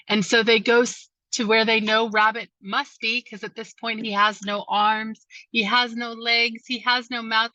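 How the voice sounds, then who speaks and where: A woman tells a story during a sermon, with animated, expressive delivery. Her voice is bright and close, with no room echo. The recording sounds dull and lo-fi. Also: medium pitch. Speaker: guest speaker.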